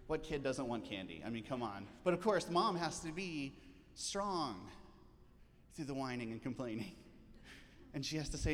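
A male pastor delivers a loose, joking sermon from a church stage, his mid-range voice moving at a moderate pace. His talk is packed with fillers and side remarks. The recording carries church hall reverb and a little background noise.

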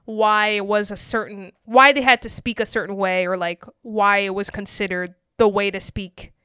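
A woman co-hosting a podcast, chatting casually about a film, agreeable and quick to laugh, often answering in short responses. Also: mid-range voice, fairly even intonation, sharp tone, smooth, no echo, studio quality. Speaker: podcast co-host.

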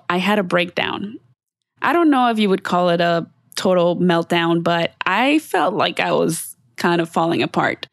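A woman's voice: fairly low pitch, no room sound, studio quality. A woman hosting her podcast, talking candidly and from the heart, speaking straight to her listeners in a casual, unscripted monologue with the odd swear word. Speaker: podcast host.

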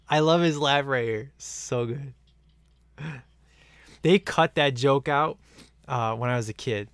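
A man's voice: mid-range voice, slow, pauses often, fairly bright tone, smooth, no room sound, studio quality. A man in casual, rambling chat as he watches a film at home, laughing often. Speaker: movie commentary viewer.

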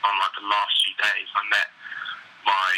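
A man's voice: fairly low pitch, completely flat delivery, moderate pace, sharp tone, poor audio. A young English man in a band, chatting in an interview, rambling with lots of fillers and casual swearing. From England. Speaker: band member.

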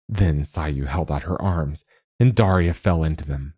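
A man reading an audiobook in measured, even narration. His voice is very deep and husky. The sound is close and dry. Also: no room sound. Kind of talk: scripted narration.

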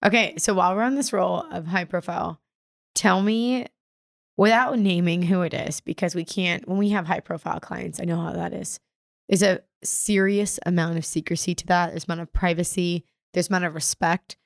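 Gravelly-voiced woman host. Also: on the low side, fairly even intonation, moderate pace, no room sound, clean studio sound. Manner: eager, prompting questions. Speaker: podcast host. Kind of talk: casual interview hosting.

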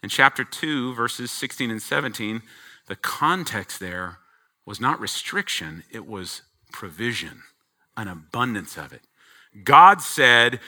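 A middle-aged man preaching a sermon as pastor to a congregation, swinging between loud emphatic peaks and quiet low asides. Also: sing-song, unhurried.

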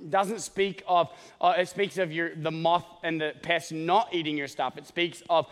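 A man preaching a sermon as pastor, joking and animated, often checking in with the congregation with "okay?". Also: on the high side, normal speed, in a large hall. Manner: joking, animated, talks straight to the congregation with many "okay?" asides.

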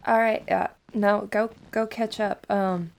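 Hesitant woman with a creaky voice. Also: medium pitch, steady tone. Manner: hesitant, halting, full of pauses. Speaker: player. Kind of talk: tabletop role-play.

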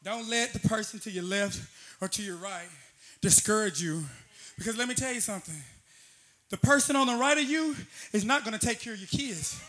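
High, bright-voiced impassioned preacher man. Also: brisk. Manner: impassioned, repetitive preaching with rising shouts. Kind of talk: sermon. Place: church with an altar.

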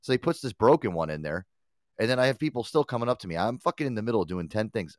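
A man hosting a casual talk show, telling stories in a profane, animated way. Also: lowish voice, fast, no echo, clean studio sound. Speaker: podcast host. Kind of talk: casual chat.

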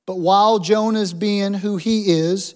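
High-pitched male pastor, chatty sermon style with jokes thrown in. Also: steady tone, measured pace, a little mellow. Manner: humorous, conversational preaching with asides.

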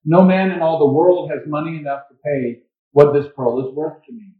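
A grieving old pearl diver speaks slowly and earnestly, as a preacher reads him in a story. The sound is dull and echoey, like a church recording with mic trouble. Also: male voice, on the high side, steady tone, close to an everyday voice.

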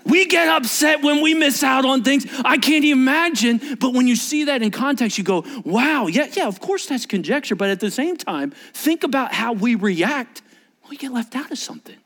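A man preaching a sermon as pastor, animated and acting out scenes, often restarting his words. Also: very high voice, moderate pace, in a large hall.

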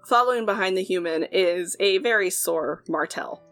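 Relaxed woman running a tabletop game. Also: fairly low pitch, moderate pace, soft background music. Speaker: game master.

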